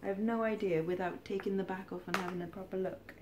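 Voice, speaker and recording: A woman's voice: mid-range voice, fairly even intonation, quick pace, noisy background. Chatty woman doing a haul vlog. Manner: chatty, rambling, wry asides. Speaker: charity shop reseller vlogger. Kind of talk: casual haul vlog chat.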